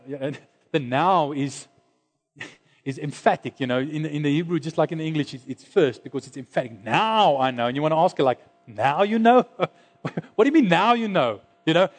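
A man preaching a sermon, dropping to hushed low lines and then rising to loud, high exclamations. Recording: long hall reverb.

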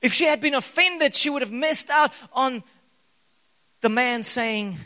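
A man preaching a sermon in an animated way, his voice echoing in a church hall. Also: very high voice, a little slow. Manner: animated preaching with bursts of loud acted quotes. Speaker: pastor. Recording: long hall reverb.

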